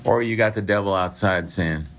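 Speaking at a moderate pace in a voice that sits low, the man delivers a sermon in a chatty style. He often begins his sentences over and keeps asking listeners "okay?"

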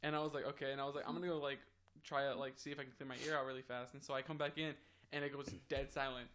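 A man's voice: mid-range voice, little pitch movement, very fast, a bit bright, a little hiss or hum. A young man co-hosting a casual podcast chat, rambling through a story and acting out what everyone said. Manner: rambling storyteller, acts out quoted dialogue. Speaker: podcast co-host.

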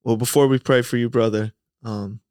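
A man's voice: medium pitch, moderate pace, clear, resonant tone, dry recording, studio quality. A man in his twenties co-hosting a podcast, chatting casually and telling stories with easy laughs. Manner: relaxed, laughing storyteller. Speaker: podcast co-host. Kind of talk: casual chat.

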